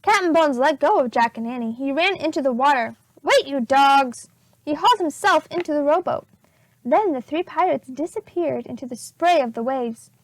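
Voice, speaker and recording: Preschool teacher, female, expressive read-aloud voice, swooping high tones. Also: no room sound. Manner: slow, expressive storybook reading. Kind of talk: reading a chapter book aloud to children.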